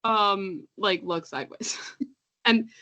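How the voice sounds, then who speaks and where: A woman co-hosts a casual podcast, chatty and often laughing, and she stumbles over names as she reads them out. Her mid-range voice is slow, bright and forceful.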